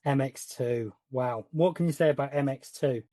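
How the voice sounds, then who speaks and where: A man from the West Country with a West Country accent, co-hosting a motocross podcast in a relaxed, matter-of-fact way. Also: medium pitch, normal speed, no echo. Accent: West Country English. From West Country of England. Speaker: podcast co-host. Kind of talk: casual podcast chat.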